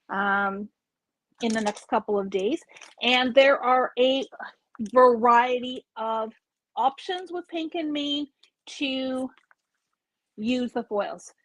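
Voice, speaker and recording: This Canadian woman, slightly high-voiced, runs a live craft store video and talks through products chattily, stopping now and then to fix what she said. The sound is close and dry, without echo.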